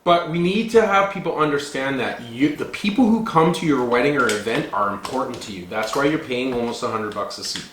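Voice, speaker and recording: A man's voice: mid-range voice, animated, fairly quick, few pauses, fairly bright tone, reverberant, a little hiss or hum. A man co-hosting a casual podcast, chatty and loose, full of "like" and "dude" fillers. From Canada. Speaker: podcast co-host.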